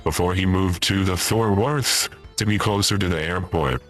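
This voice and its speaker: A streamer does a comedic in-character livestream chat, using a low-pitched, fairly bright voice at normal speed to play a forgetful retired old man who rambles, halts, and repeats himself. Soft music plays in the background, and the character is older.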